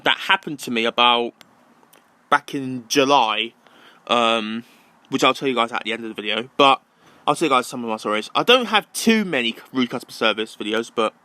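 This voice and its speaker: A man's voice: medium pitch, bright, forceful tone, no echo. A young man ranting casually to camera, rambling and repeating himself with many ums. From London. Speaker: vlogger.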